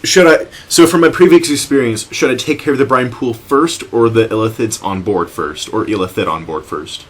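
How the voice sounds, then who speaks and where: A man's voice: medium pitch, moderate pace, few pauses. Hesitant male tabletop player. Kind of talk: casual tabletop play.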